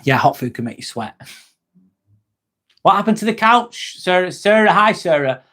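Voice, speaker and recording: A man's voice: high-pitched, big pitch swings, normal speed, pushed and bright. A man, chatting bluntly and casually with viewers on a livestream, full of "um" and "mate". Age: 40s. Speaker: livestream host and nurse.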